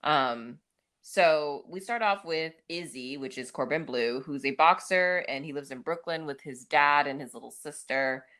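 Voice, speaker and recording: A woman's voice: low-pitched, unhurried, a bit bright. A woman co-hosting a podcast, recapping a movie in a chatty, casual way with plenty of fillers. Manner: chatty, many fillers and laughs. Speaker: podcast co-host.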